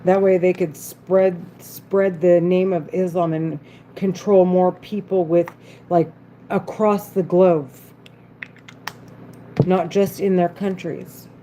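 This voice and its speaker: A woman's voice: on the low side, steady tone, slow, mellow, a little hiss or hum. A woman vlogger talking to camera in an agitated, repetitive, rambling monologue. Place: at home, doing her makeup.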